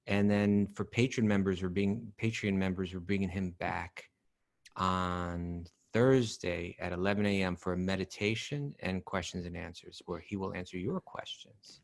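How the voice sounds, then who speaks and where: Low gravelly man co-hosting a podcast. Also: moderate pace. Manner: relaxed, thinking aloud with restarts. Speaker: podcast co-host. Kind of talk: casual podcast chat.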